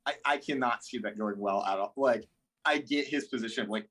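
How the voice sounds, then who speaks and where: A man's voice: mid-range voice, moderate pace, a bit bright, breathy edge. A man chatting as a livestream guest, blunt and talkative, with lots of "like"s and easy laughter. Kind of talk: casual chat.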